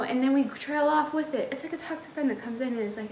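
A woman's voice: high voice, normal speed, few pauses, a little mellow, roomy sound, slight background noise, low-quality recording. A young woman who coaches manifestation, giving a sassy, tough-love motivational talk straight to her viewers.

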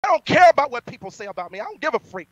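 Defiant high-voiced man preaching. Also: very animated, racing, no room sound. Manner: boastful, defiant, rising to shouting peaks. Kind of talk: fiery sermon. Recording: dull lo-fi sound, dry.

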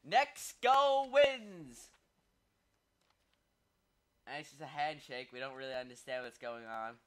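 A young man hosting a comedic mock sports broadcast, rambling and joking, then bursting into excited shouts at each goal. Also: mid-range voice, slow. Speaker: host, mock sports commentator.

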